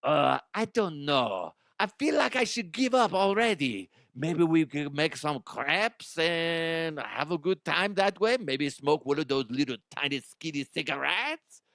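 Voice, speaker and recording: A man's voice: a little high, animated, unhurried, creaky, few pauses, fairly bright tone, no room sound, studio quality, heavily acted. A man voicing a weary, defeatist Frenchman with a French accent, sighing and languid. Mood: resigned.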